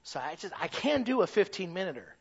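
Male preacher, high bright voice, animated folksy sermon delivery, dull lo-fi recording. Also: brisk, creaky, husky. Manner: animated, rises to shouting, folksy asides. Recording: dull lo-fi sound.

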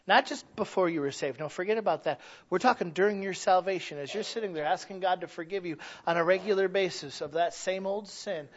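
A man preaching a sermon in a conversational way, swinging from hushed asides to shouted lines. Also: high voice, fairly quick, hardly any pauses, muffled recording.

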